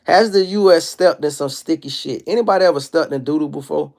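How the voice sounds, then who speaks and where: Guy in his 30s ranting on a livestream, kinda high voice, cussing a lot, real animated storytelling. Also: fairly quick, creaky. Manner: animated, profane street storytelling. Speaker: livestream host. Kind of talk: casual livestream monologue.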